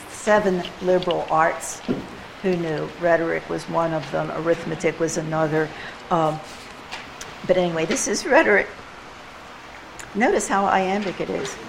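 A woman leading a poetry workshop, chatting casually with quick asides while recorded in a classroom. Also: fairly low pitch, gravelly. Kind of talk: casual teaching talk. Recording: room ambience and background noise.

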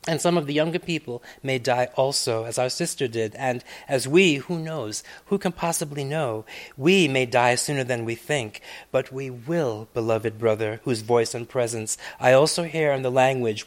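Male author reading his own essay: mid-pitched, reflective, rising loud on key phrases and sinking to near-hush. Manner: measured, reflective, long winding sentences with many asides; swells loud on key phrases, then drops to near-hushed tones. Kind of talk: literary reading.

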